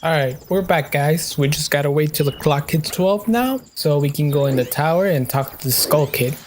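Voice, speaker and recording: A man's voice: fairly high pitch, lively intonation, normal speed, a little hiss or hum. Rambling man narrating his gameplay. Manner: rambling, joking storyteller. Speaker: gaming video host. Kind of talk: casual gameplay commentary.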